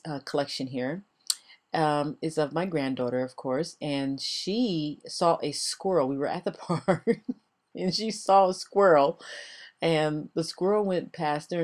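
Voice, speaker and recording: An older woman with a strikingly deep, low voice talks over her crafting footage in a loose, rambling way. She chuckles often as she chats along. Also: darkish tone. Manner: chatty and rambling, laughs often. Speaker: crafting vlogger. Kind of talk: casual voice-over narration of a craft video.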